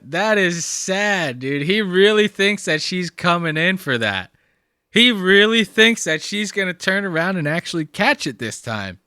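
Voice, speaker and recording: A man's voice: high voice, animated, measured pace, pushed and bright, smooth, no room sound, clean studio sound. A young man hosting a podcast, talking casually and profanely as he reacts to clips. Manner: profane, rambling. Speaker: podcast host.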